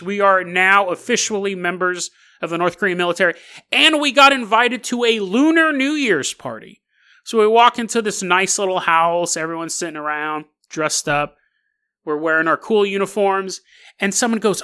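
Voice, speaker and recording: A man's voice: sits high, bright, forceful tone. A man hosting a podcast, telling a story in a joking, playful way and acting out silly little scenes. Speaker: podcast host. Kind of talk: comedic storytelling monologue.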